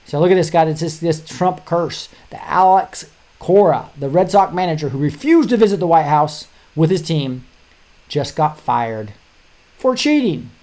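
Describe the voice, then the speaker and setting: A man's voice: on the high side, lively intonation, moderate pace, a little mellow. A middle-aged man hosting a show, talking casually through news articles in a rambling way with frequent restarts and short chuckles. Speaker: show host.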